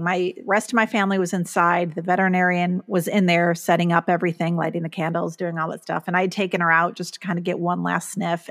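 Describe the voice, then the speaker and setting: A woman's voice: fairly low pitch, little pitch movement, quick pace, few pauses. A middle-aged woman, a guest author, talking earnestly and reflectively in a casual podcast conversation, with plenty of fillers.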